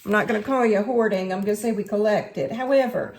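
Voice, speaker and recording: A woman's voice: medium pitch, fast talker, darkish tone. A woman with a Southern US accent hosting a chatty craft tutorial, talking straight to her viewers in a folksy way. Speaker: craft video host.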